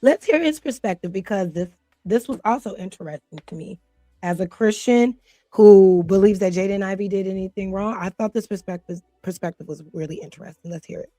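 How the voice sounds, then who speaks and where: A woman's voice: mid-range voice, a little fast, dark tone, no echo, faint music behind. A woman hosting a casual commentary show, candid and outspoken, swearing and laughing freely as she reacts. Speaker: host.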